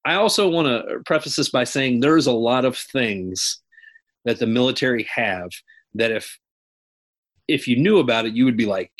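Male veteran guest, rambling storyteller, mid-pitched voice. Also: lively intonation, normal speed, fairly bright tone. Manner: rambling, repeats himself with fillers. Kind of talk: casual interview storytelling.

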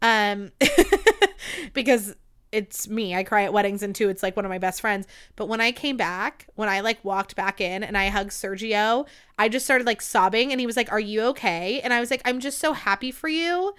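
A woman's voice: medium pitch, fairly even intonation, normal speed, fairly bright tone, clear, resonant tone. A young woman hosting her own podcast, telling a story in a gushing, self-mocking way, swearing freely and filling her talk with "like". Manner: gushing, profane, self-mocking, many "like" fillers. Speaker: podcast host. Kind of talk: casual storytelling monologue.

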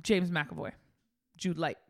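A woman's voice: fairly low pitch, fairly even intonation, slow, vocal fry. A woman co-hosting a casual chat, joking and riffing playfully.

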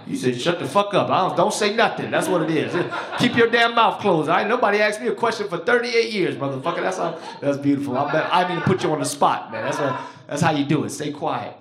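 A man in his thirties doing a stand-up comedy set on a club stage, telling animated stories and talking loudly with the crowd. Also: fairly high pitch, fast talker. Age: 30s. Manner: loud, animated storytelling with crowd work. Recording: roomy live club sound. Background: audience laughter.

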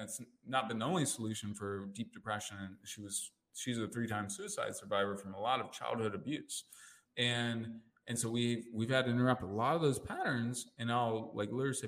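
Animated man coaching in conversation. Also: normal speed. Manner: animated, acts out quoted inner voices with jumps in pitch. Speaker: life coach and NLP practitioner. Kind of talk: casual conversational interview.

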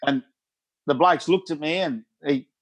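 A man co-hosting a podcast in casual chat, telling stories in a lively, emphatic way. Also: on the high side, measured pace, slightly rough. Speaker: podcast co-host.

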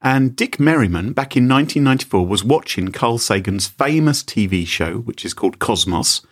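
A man's voice: medium pitch, animated, normal speed. A man co-hosting a podcast in casual chat, playful and teasing as he tells a story. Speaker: podcast co-host.

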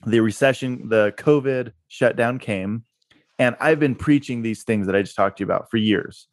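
A man's voice: medium pitch, normal speed, no echo, clean studio sound. A man being interviewed on a podcast, telling stories energetically and repeating words for emphasis. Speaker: guest, real estate investor and broker. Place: Utah.

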